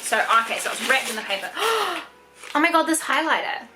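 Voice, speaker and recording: A young New Zealand woman unboxing a gift box in a vlog, gushing and excitable, gasping and squealing over each item. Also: high-pitched, a little fast, background noise. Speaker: YouTuber.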